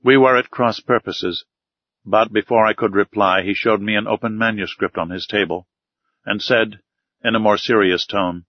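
Low-voiced man narrating an audiobook. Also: steady tone, normal speed, no echo. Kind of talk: first-person audiobook narration. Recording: slightly dull, dry recording.

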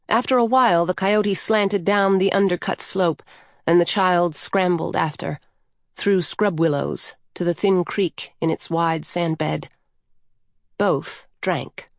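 A woman with a slightly low voice reads a story aloud in a calm, even way. The sound is dry and close, with no room echo. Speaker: narrator. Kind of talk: scripted narration of a story.

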